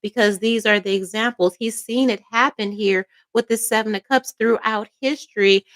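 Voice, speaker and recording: A woman's voice: a little high, steady tone, normal speed, fairly bright tone. A woman doing a tarot card reading as a psychic, emotional and emphatic, checking in with "all right?" and "okay?" again and again. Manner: emotional, fervent.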